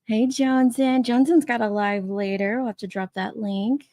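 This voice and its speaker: This livestream host sounds a little high, with a steady, warm tone and a moderate pace, recorded dry. She's broadcasting casually from her basement man cave, laughing a lot and chatting as she welcomes viewers by name.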